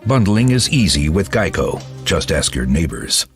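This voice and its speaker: A man's voice: low voice, big pitch swings, normal speed, music in the background. A man reading a playful scripted ad in a wry, mock-conspiratorial tone. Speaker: ad announcer.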